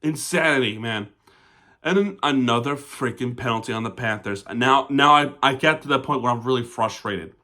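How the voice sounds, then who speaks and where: A man's voice: medium pitch, moderate pace, sharp tone. A man recapping a hockey game as a devoted fan, talking casually about the plays and turning to angry, swearing rants at the referees. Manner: fan of the team, says "we" and "our". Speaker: sports fan recap vlogger.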